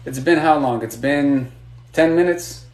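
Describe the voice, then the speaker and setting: A man's voice: on the high side, measured pace, echoey room. A man teaching a live online lesson, patient and encouraging, asking students questions and praising their answers. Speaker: Arabic teacher.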